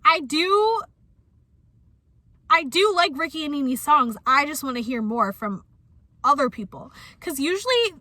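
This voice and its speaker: A young woman hosting a casual reaction video, recapping an episode with gushing, animated fan excitement. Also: high voice, measured pace, pauses often, no echo. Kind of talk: casual chat.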